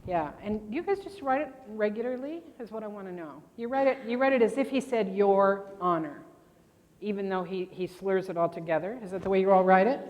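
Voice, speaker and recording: A woman from Indiana teaching grammar at a convention, firing quick questions at her audience and answering them herself. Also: medium pitch, muffled recording. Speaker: grammar instructor at a court reporters' convention. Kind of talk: interactive classroom lecture. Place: convention meeting room. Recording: long reverb in a large hall.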